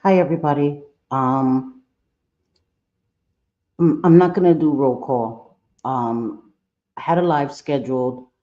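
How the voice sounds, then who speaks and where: A woman hosting a casual livestream, greeting viewers one by one with pet names, apologizing often and pausing on fillers. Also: very deep voice, dark tone. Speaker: live-stream host. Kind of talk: casual live-stream chat. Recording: dull lo-fi stream audio.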